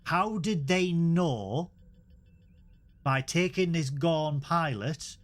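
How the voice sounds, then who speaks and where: A man, co-hosting a casual review podcast, recapping in an animated, playful way. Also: on the high side, drawn-out words. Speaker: podcast co-host.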